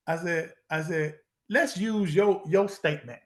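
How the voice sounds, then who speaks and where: A man addressing an audience, retelling a debate in an animated way, repeating himself and laughing at his own story. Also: fairly high pitch, unhurried. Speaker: speaker recounting a debate.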